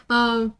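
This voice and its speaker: A woman streaming a game, chatting casually with her viewers in a playfully dramatic way, sometimes dropping into a half-whisper. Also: fairly bright tone. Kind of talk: casual live-stream chat while gaming.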